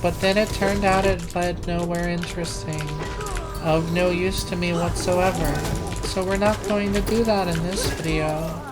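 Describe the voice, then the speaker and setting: Loud music plays under this woman's low, steady voice as she narrates her gameplay live at a measured pace. She's hosting a let's play and working on a trained feminine voice, rambling, cursing and teasing herself, with keyboard clicks and room noise picked up by her desk computer mic.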